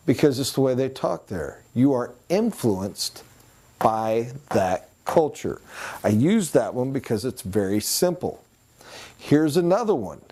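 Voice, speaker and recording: A man teaching a sales training class in a conversational way, sometimes putting on voices and accents to make a point, and pausing to write on a board. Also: medium pitch, animated, warm tone. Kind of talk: recorded training lecture.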